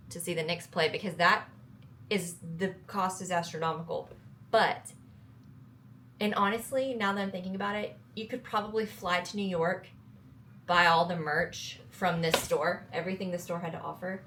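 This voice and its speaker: A woman's voice: mid-range voice, a bit bright, slight background noise. A young woman with a Southern US accent, talking casually and upbeat to camera in a travel vlog, joking about herself. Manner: chatty, upbeat, self-joking. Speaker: travel vlogger.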